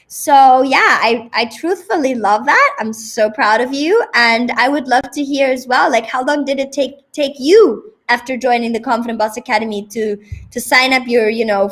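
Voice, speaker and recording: A woman coach interviews a client on a video call in an upbeat, motivational way. Her voice sits slightly high. She often circles back and repeats her points for emphasis. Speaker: business coach and host. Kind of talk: casual interview.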